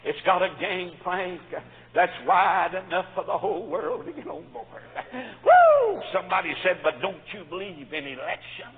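Fervent preacher with a high voice. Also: male voice, fairly even intonation, normal speed. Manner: fervent preaching, swings between shouting and quiet. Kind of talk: sermon. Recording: phone-like audio with long hall reverb.

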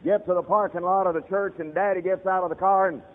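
Fiery high-voiced preacher on radio. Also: male voice, fairly even intonation, quick pace, big-room sound. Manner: fiery, storytelling, direct address to the congregation. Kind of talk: sermon. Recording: tinny radio broadcast.

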